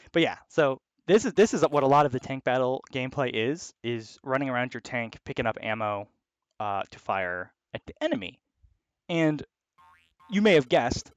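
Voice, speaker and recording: A man giving casual commentary as he plays a video game, excitable and swearing freely. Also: mid-range voice, no echo. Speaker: let's play host.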